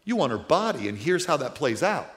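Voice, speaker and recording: A middle-aged male pastor preaching a sermon in a conversational way that swells into forceful emphasis. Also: fairly high pitch, big pitch swings, brisk.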